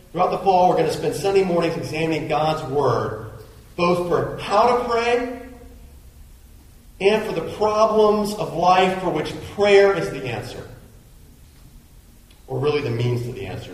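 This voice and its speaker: Pastor preaching in an echoey hall. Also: male voice, on the high side. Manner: conversational, acts out inner voices. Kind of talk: sermon. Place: church sanctuary.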